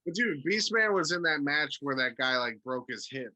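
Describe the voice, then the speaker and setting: A man's voice: fairly high pitch, expressive, normal speed, bright, forceful tone. A man co-hosting a casual podcast, laid-back and chatty. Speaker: podcast co-host.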